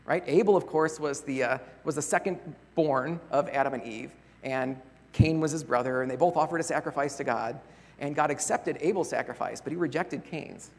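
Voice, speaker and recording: A man preaching a sermon as a pastor, earnest and conversational, often pausing on rhetorical questions. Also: a little high, vocal fry. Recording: long reverb of a large hall.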